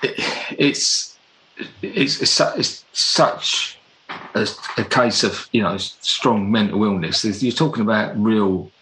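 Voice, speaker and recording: A man interviewing a guest, asking halting questions and giving brief affirming replies. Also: on the low side, sharp tone, a little hiss or hum, rough recording. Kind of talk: conversational interview.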